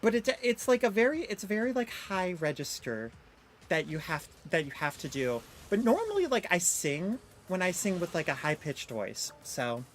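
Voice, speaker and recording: A young woman live-streaming a game, chatting casually and self-deprecatingly with lots of fillers, her voice fairly deep. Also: very animated, moderate pace, a little hiss or hum.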